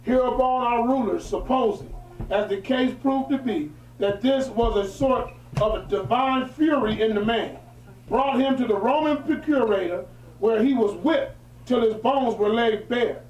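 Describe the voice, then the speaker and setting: A man's voice: very high-pitched, unhurried, darkish tone. A man teaching in a religious setting. He reads a historical text aloud and breaks into emphatic, colloquial preaching asides. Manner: switches from formal reading to emphatic colloquial asides. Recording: echoey room, distant mic.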